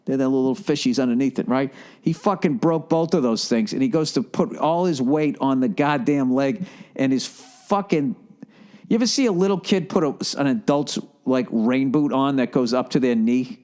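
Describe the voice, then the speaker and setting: A man's voice: mid-range voice, moderate pace, darkish tone. A man hosting a solo podcast in a rambling, profane monologue with sarcastic asides. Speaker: podcast host.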